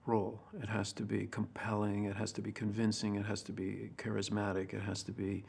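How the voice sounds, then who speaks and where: A man's voice: on the low side, monotone, brisk, vocal fry, a little mellow, husky. A man, a film director, talking thoughtfully and emphatically about casting and character in an interview. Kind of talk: interview for a featurette.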